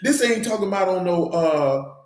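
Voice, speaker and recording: A man's voice: high voice, lively intonation, normal speed, reverberant. A man, preaching informally and emphatically, talking straight to the congregation. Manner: emphatic, conversational, addresses congregation directly. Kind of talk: informal church teaching. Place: church.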